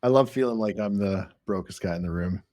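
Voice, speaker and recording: A male podcast co-host with a fairly low voice adds quick, eager comments. His interjections affirm what the others say in a casual, upbeat way. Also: a little mellow.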